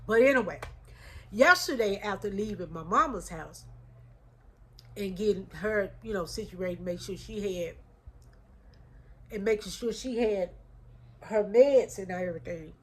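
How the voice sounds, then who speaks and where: A woman's voice: medium pitch, measured pace, pauses often, husky. Heartfelt woman vlogging. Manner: heartfelt, addresses viewers as y'all. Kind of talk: emotional casual chat to viewers.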